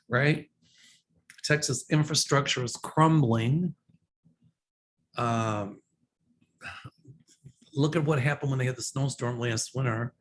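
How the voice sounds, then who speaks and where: A man's voice: mid-range voice, takes it slowly, pauses often, slight background noise. A man answering viewer questions as a psychic host in a casual, opinionated way, with frequent ums and restarts. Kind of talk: casual livestream Q&A.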